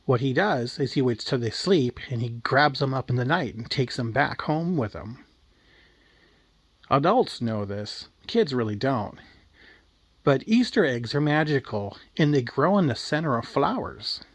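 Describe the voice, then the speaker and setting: A crafty, vengeful old grandmother, put on by a male storyteller scolds and spins a grisly tale with sly menace. The voice stays near a plain man's mid pitch. It is recorded close and dry. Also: expressive, unhurried, dry recording. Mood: storytelling.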